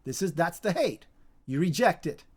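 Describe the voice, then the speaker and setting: Bible teacher, informal spoken lesson, middling pitch, halting delivery with many restarts and emphatic repeats. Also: expressive, breathy edge. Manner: halting and repetitive, with frequent restarts and emphatic repetition.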